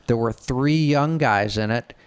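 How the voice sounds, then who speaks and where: A man's voice: medium pitch, unhurried, clean tone. A middle-aged man from the Detroit area telling a story in casual talk, frank and profane, acting out the voices of people he quotes. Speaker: podcast co-host telling a story.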